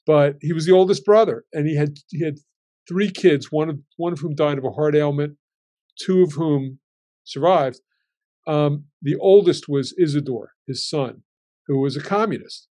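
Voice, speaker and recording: Animated man in his sixties telling stories. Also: on the high side, moderate pace. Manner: animated, acting out relatives' lines in the telling. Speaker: guest. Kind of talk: casual family storytelling.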